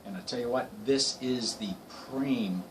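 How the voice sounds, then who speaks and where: A man's voice: medium pitch, fairly even intonation, fairly quick, background noise. A middle-aged man talking enthusiastically in a casual travel vlog, repeating phrases for emphasis. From United States. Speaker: vlogger traveling with his wife.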